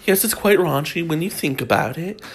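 A woman's voice: deep voice, animated, fairly quick. A woman host giving a crude comedic monologue, snarky and gossipy.

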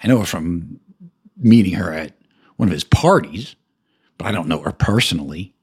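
Angry, husky-voiced man ranting. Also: lively intonation, normal speed. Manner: heated, profane, repeats himself and stumbles over words; swings from loud outbursts to low mutters. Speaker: podcast host. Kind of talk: angry personal rant.

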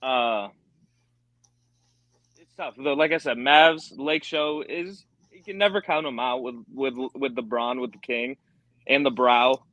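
A man joining a sports podcast remotely, giving measured opinions and often repeating himself. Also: medium pitch, bright, forceful tone, no room sound, lo-fi sound. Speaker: guest on call. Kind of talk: casual sports chat. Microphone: remote call audio, cutting out.

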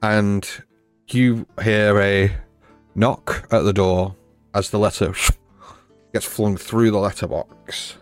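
A man's voice: fairly low pitch, steady tone, takes it slowly, soft background music. A man acting as dungeon master, narrating a live-play tabletop game in an easygoing, descriptive way and prompting the players.

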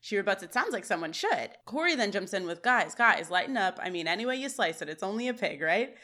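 A woman's voice: medium pitch, very animated, pushed and bright. A woman co-hosting a podcast, retelling sitcom scenes in casual chat and laughing often. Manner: giggly, retells scenes with quick quoted lines. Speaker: podcast co-host.

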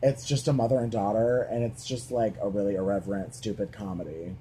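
A man's voice: on the low side, steady tone, a little fast, warm tone, slight background noise. A man co-hosting a podcast in casual chat, rambling with many "like" fillers and casual swearing. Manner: chatty, heavy "like" filler, swears freely. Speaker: podcast co-host.

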